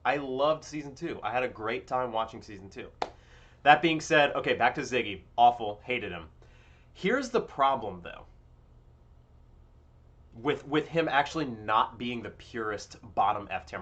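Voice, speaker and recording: A young man talking casually on a live stream, blunt and profane. His voice jumps from loud, animated outbursts to low, grumbling mutters. He keeps a plain, mid-pitched voice and an easy, chatty flow. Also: moderate pace, husky, dull audio.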